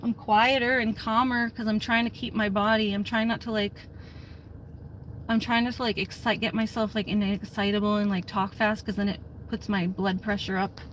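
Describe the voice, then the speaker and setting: A tired woman chats from behind the wheel, loose and rambling with plenty of fillers and quick laughs. She keeps her delivery deliberately calm and low-key. The engine and road noise hum clearly under her voice. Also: low-quality recording. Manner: chatty, laughs often, many fillers like "like". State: tired with a headache. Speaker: vlogger. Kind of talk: casual chat while driving. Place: in a car on country roads. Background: vehicle noise.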